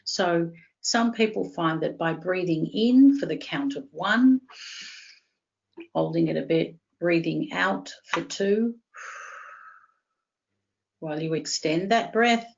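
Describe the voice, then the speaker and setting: A woman with an Australian accent, a counselling psychologist calmly explaining and guiding step by step. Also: on the low side, takes it slowly, gravelly, long pauses, dull audio. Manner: steady, reassuring, guiding step by step. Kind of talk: calm explanatory interview talk.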